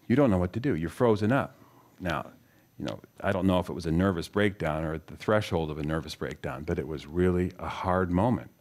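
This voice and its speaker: A man's voice: deep voice, a little mellow. Earnest man teaching scripture to an audience. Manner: asks the audience questions, storytelling, earnest. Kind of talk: conversational Bible teaching.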